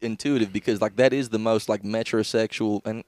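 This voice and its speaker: A man's voice: lowish voice, steady tone, fairly quick, darkish tone, no echo. Young male podcast co-host, casual crude banter, dry close mic. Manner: laughing, joking, swears a lot.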